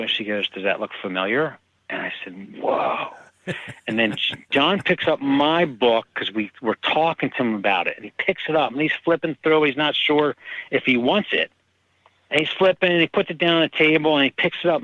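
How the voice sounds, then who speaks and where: A man, an author, telling personal stories in casual conversation and lively acting out the people in them. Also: medium pitch, fairly quick, dry recording, muffled recording. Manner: animated, acts out quoted people. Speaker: author guest. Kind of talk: casual storytelling.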